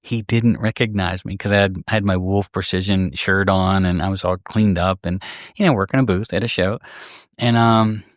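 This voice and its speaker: A middle-aged man hosts his shop's podcast in a lowish, easygoing voice. He tells stories candidly and rambles a bit, restarting his sentences. The sound is dry and close, with no room echo. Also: fairly even intonation, normal speed. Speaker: gunsmith and podcast host. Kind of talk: casual storytelling podcast.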